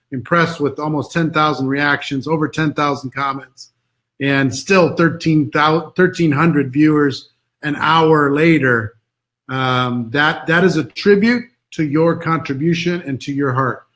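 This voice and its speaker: A man's voice: a little high, measured pace, a bit bright. A middle-aged man with an American accent, a guest on a live stream over a video call, speaking in an earnest, encouraging way and repeating words as he searches for them. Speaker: interview guest. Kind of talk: motivational talk on a live stream.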